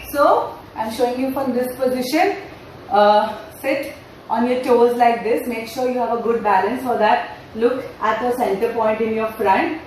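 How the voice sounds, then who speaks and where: A woman yoga trainer leads a playful class for parents and children, asking questions in a sing-song, storytelling manner. Her voice sits a little high and is picked up far from the mic, with a little hiss or hum. The room is very echoey with faint ambience.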